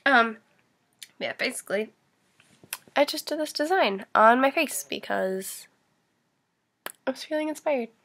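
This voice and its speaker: A woman's voice: high voice, lively intonation, measured pace, pauses often, a bit bright. A young woman chatting casually through a makeup tutorial, rambling and giggly with lots of likes and ums, a bit sniffly. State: face-painted, sniffly and sneezing. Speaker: makeup vlogger.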